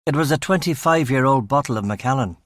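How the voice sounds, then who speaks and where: A man reading a crime novel in the first person, in a measured, dry, matter-of-fact way. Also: medium pitch, lively intonation, dry recording. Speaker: audiobook narrator. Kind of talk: scripted first-person audiobook narration.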